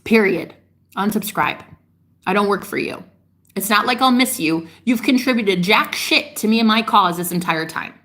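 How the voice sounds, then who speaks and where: A woman delivering a fiery, preachy monologue straight to her viewers, swearing freely and scolding them, with sharp jumps in pitch on her outbursts. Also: normal speed. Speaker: spiritual vlogger. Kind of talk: ranting monologue to camera.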